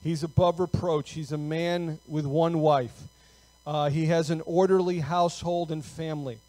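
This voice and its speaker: High-pitched guy pastor preaching, chatty style, lots of "okay?", dry close sound. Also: steady tone, moderate pace, dark tone, no room sound, poor audio. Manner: conversational, with frequent fillers and "okay?" check-ins. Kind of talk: sermon.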